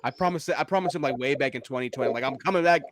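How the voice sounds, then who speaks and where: A man's voice: medium pitch, very fast, a crowd in the background. A man on a podcast, chatting casually and sheepishly, laughing often as he tells a story. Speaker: podcast co-host. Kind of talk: casual chat.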